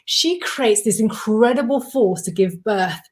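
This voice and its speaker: A woman's voice: a little high, unhurried. A woman on a panel speaking passionately and emphatically. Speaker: panel guest. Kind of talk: live panel discussion.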